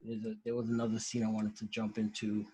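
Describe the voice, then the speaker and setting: A man's voice: on the low side, completely flat delivery, fast talker, warm tone, slightly rough, no echo, rough recording. A man hosting a podcast over a video call, retelling favorite scenes in an enthusiastic, rambling way. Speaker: podcast host. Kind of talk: casual commentary.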